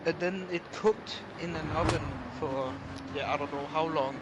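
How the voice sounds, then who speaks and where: A man from Denmark chats haltingly on a gaming stream, filling pauses as he goes. His voice sits fairly high for a man. A loud wash of noise runs under his mic the whole time. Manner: halting, with many fillers and restarts. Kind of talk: casual chat.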